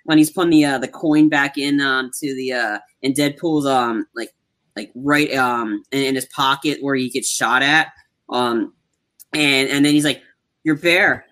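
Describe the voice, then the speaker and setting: A man's voice: mid-range voice, steady tone, moderate pace, fairly bright tone. A man in casual conversation, recapping movie scenes with lots of fillers and restarts. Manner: rambling, many fillers, acts out quotes.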